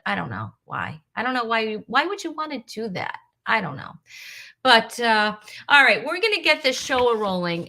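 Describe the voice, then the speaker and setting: A Rhode Island woman welcomes viewers to her live comedy stream with teasing, chatty banter that rambles and leans on fillers. Her mid-range voice comes across pushed and bright.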